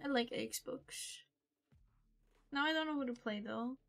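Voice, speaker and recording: High, unhurried playful woman streamer. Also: creaky. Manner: playful, hums and sings nonsense syllables. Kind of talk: casual chat while gaming.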